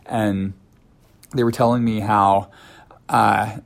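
A man's voice: on the low side, level tone, takes it slowly, creaky. A man hosting a solo podcast about dancing, chatty and self-mocking, with frequent ums and light laughs. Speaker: podcast host and ballet dancer.

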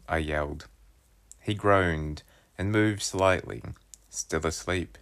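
A man reading a children's chapter book aloud, telling it in a lively first-person voice. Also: low voice, takes it slowly, smooth. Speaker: storybook reader.

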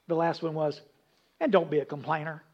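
A man preaching a folksy, humorous sermon, rambling into stories and dropping from loud emphasis to hushed asides. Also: fairly high pitch, steady tone, brisk. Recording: dull lo-fi recording.

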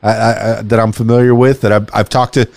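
A man's voice: on the low side, little pitch movement, fairly quick, a little mellow, no echo. A man hosting a podcast interview, talking in a folksy, rambling way and repeating words. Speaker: podcast host. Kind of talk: casual interview chat.

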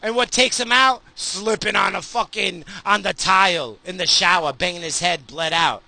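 A man's voice: sits high, moderate pace, creaky, sharp tone, no room sound. A middle-aged man ranting crudely in a profane solo monologue, recorded in his car while he drives. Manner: crude, heated and sweary, with frequent restarts. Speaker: solo podcaster.

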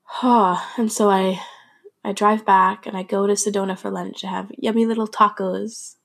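A young woman shares a personal story in a loose, candid podcast style. She is emotional and unfiltered, cursing now and then and circling back on her own sentences. Her voice sits at an ordinary middle pitch. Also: little pitch movement, moderate pace, vocal fry, a bit bright. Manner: candid and emotional, with laughs, swearing and frequent restarts.

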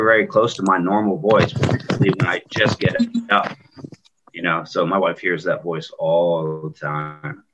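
A man's voice: low-pitched, flat delivery, moderate pace, lo-fi sound, background noise. A man chatting casually in an interview, laid-back and joking, telling things in a rambling way. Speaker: guest narrator on the album.

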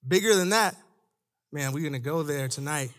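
A young man giving a conversational, animated sermon as a church staff speaker, dropping into low asides and rising for emphasis. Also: moderate pace.

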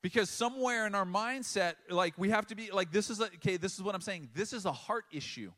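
Middle-aged male pastor, higher-pitched voice; conversational sermon, emphatic pauses. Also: a bit bright.

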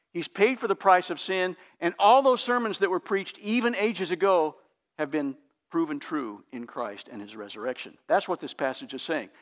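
A pastor preaching a sermon in an earnest, emphatic, teacherly way. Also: male voice, high-pitched, a bit bright.

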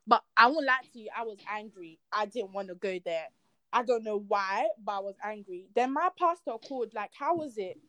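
A young woman from Nigeria, a guest in a casual interview, telling her story with lively quoted voices and earnest faith talk. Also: mid-range voice, fairly quick, dry recording. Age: young adult.

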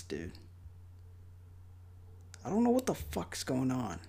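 Young male movie commentator, gravelly husky voice, lively swings in pitch, crude and mocking. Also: slow, long pauses. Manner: profane, loud outbursts and mocking asides.

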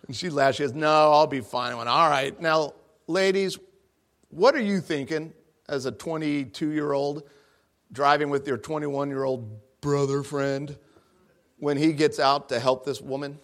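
A man's voice: fairly high pitch, measured pace. A young man giving a guest talk to an audience, telling a personal story with jokes and acting out his own lines. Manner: animated, jokey, acts out his own lines. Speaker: guest speaker.

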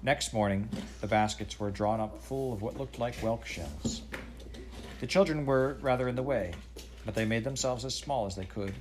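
A man narrating a children's story aloud in a measured storytelling manner. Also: mid-range voice, slight background noise. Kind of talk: audiobook reading.

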